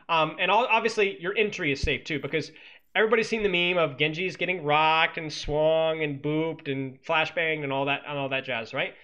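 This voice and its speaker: A man's voice: a little high, fairly bright tone, highs cut off. A man coaching as he analyzes a game replay, teasing and sarcastic, cracking jokes between points. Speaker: esports coach.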